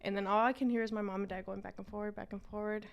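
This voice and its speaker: A woman's voice: mid-range voice, steady tone, very fast, gravelly, muffled recording. A woman, a business owner telling her story as an interview guest and switching between English and Spanish.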